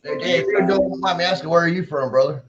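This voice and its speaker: A man's voice: on the high side, quick pace, background noise. A man from the United States, a laid-back guest chatting casually on a live stream. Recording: dull, lo-fi sound.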